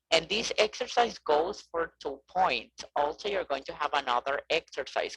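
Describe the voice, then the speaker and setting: A man leads an online class over a video call, with a heavily gravelly, husky voice. His tone is bright and forceful, and he keeps checking in with a quick "okay?" while hesitating now and then on drawn-out fillers. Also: fairly high pitch, no room sound, poor audio. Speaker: English teacher.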